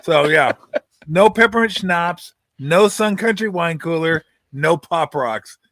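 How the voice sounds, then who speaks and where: A man's voice: fairly high pitch, slow pace, dry recording. A middle-aged man hosting a sports talk show, telling jokey stories in casual chat. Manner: storytelling, jokey, animated retellings. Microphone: streaming call mic.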